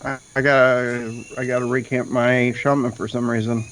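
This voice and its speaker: A man's voice: mid-range voice, level tone, normal speed, a bit bright, slight background noise, low-quality recording. A man on voice chat with gaming friends, talking hesitantly and stumbling over his words. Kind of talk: casual voice chat.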